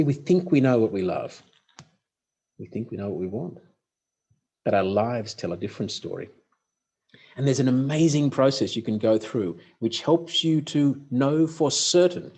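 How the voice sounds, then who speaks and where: A man's voice: mid-range voice, darkish tone, husky. A man giving a motivational talk from a stage, punchy and humorous as he tells stories. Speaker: speaker.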